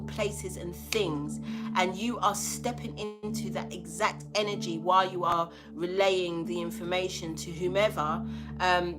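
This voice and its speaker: A woman giving a spiritual tarot reading, talking bluntly and emphatically with a lot of swearing. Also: lowish voice. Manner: blunt, profane, emphatic preaching.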